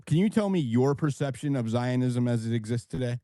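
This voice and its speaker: A man's voice: medium pitch, animated, brisk, mellow, no room sound. A man hosting a live audio discussion, probing speakers with follow-up questions and insisting on distinctions. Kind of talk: moderating casual group discussion. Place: live audio chat room.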